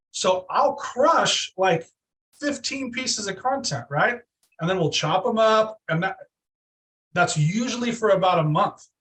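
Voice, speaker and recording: Animated high-voiced man telling stories. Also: recorded from a distance, poor audio. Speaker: real estate team leader, guest. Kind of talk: energetic storytelling interview.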